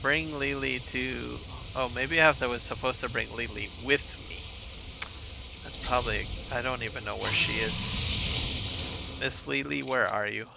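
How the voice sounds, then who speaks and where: A man's voice: medium pitch, steady tone, unhurried, creaky, noisy background. A man streaming a game live, chatting with viewers in a laid-back, rambling way while he plays. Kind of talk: casual live gameplay commentary.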